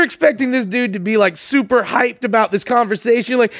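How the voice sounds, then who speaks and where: Podcast dude with a high voice, teasing, does little impressions of people. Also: male voice, fast, few pauses, fairly bright tone. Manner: joking, mocking, acts out other people's lines. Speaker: podcast co-host. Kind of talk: casual podcast chat.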